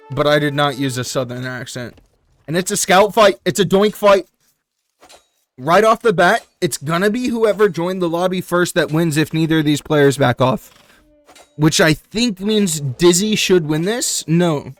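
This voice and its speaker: Male live-stream game caster, a bit high-pitched, chatty and joking, full of quick asides. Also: dry recording, faint music behind. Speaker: strategy game tournament caster.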